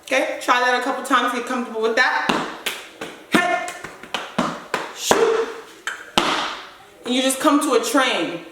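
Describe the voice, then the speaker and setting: A woman dance instructor teaching stepping, counting the moves aloud in a brisk, rhythmic way. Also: sits high, steady tone, recorded from a distance. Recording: echoey room, voice off-mic, loud stomping and claps.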